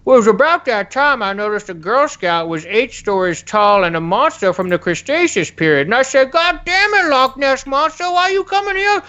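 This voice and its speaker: A man doing a comic impression of an older male cartoon dad who tells rambling stories in a high squeaky drawl. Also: animated, normal speed, hardly any pauses, sharp tone, dull audio, full character voice. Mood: rambling indignant.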